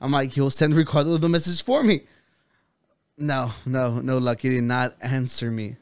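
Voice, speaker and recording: A man's voice: mid-range voice, fairly even intonation, moderate pace, smooth, no echo, clean studio sound. A man, a podcast co-host, telling a long story in casual chat, rambling, swearing and quoting himself and others.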